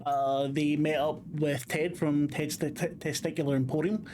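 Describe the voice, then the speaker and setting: A man's voice: a little high, steady tone, moderate pace. Sweary male game master, noisy recording. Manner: swears freely, rambling with many fillers. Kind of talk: casual chat and game recap narration. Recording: background noise.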